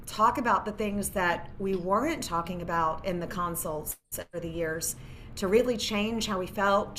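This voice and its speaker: A woman's voice: fairly low pitch, a bit bright, a little hiss or hum. A woman in her forties, a divorce lawyer guest, telling her story earnestly with many fillers. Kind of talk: interview storytelling.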